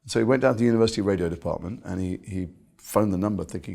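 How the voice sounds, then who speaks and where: A British actor telling stories in an interview, animated and self-mocking. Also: male voice, low voice, racing, vocal fry. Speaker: actor guest. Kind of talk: conversational interview.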